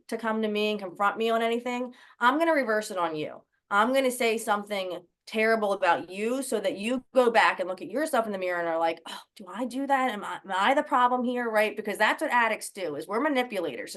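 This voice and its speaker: A woman's voice: mid-range voice, fairly bright tone. A woman guest on a podcast telling her own story candidly, in a casual way full of "um", "like" and "right?".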